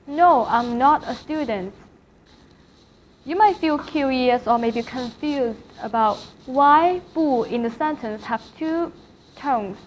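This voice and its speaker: Slow, careful woman language teacher. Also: high voice. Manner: repeats each word slowly and carefully, modeling tones. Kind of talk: slow classroom lecture. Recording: slightly dull lecture recording with faint hiss.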